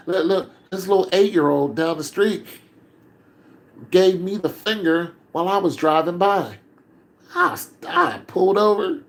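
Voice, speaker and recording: An older man delivers a heated monologue in a slightly high voice. He climbs toward shouting when he is upset and falls quiet and tired when he gives up. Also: lively intonation, a little slow, vocal fry, poor audio. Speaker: commentator. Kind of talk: emotional monologue.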